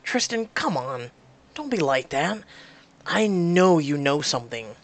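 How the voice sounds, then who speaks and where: A woman voicing an earnest young man in a story game, speaking in a lowered voice. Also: big pitch swings, a little slow. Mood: curious.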